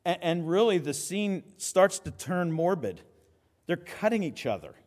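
A man preaching a sermon as pastor, lively and conversational, with quick asides and frequent restarts. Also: high-pitched, big-room sound.

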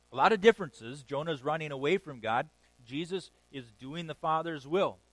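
A man delivers a sermon in a slightly high voice, recorded close and dry with no room sound. He tells the story with animated swings, punching words loudly and chuckling between points. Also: no echo, rough recording. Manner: animated storytelling with sudden loud bursts and chuckles. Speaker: pastor.

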